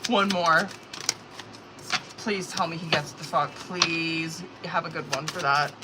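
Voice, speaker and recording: A woman's voice: low voice, fairly even intonation, slow, very noisy. A woman doing a live-stream tarot reading, talking casually with lots of swearing and filler words, getting nervous as she pulls cards. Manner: casual, profane, filler-heavy, anxious reactions. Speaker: tarot reader.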